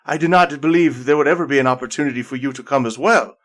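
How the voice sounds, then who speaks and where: A man voicing a woman in a tabletop game, raising his voice higher and speaking in a halting, emotional way. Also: fairly bright tone, close to an everyday voice. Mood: astonished, emotional. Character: elven woman, earnest and moved.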